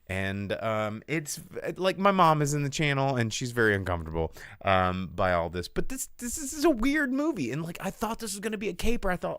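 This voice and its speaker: A man hosting a podcast, rambling through a crude, animated film review in casual chat. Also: fairly low pitch, moderate pace, smooth, no echo, studio quality.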